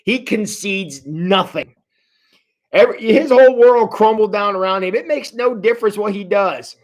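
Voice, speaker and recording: A pastor leads a livestreamed Bible study in a high voice, speaking at normal speed. His teaching is casual, animated, and conversational; he addresses viewers directly and often restarts phrases, repeating words along the way.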